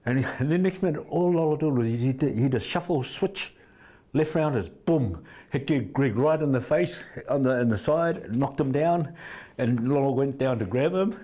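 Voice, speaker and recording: A middle-aged man from New Zealand, a fight trainer, is the guest in a casual interview, telling anecdotes that wander and restart many times. His voice is mid-range and dark in tone, and he keeps a moderate pace.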